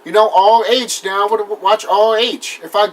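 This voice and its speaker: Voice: mid-range voice, steady tone, brisk. Casting note: heated, cursing vlog ranter, rambling, apologetic after outbursts. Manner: profane, heated, rambling with restarts. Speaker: wrestling vlogger. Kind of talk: casual vlog rant.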